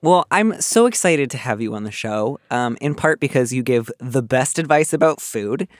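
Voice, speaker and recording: A man's voice: mid-range voice, expressive, normal speed, no room sound. A man hosting an advice podcast in a studio, chatting playfully and self-deprecatingly with plenty of ums. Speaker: podcast host. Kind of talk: casual chat.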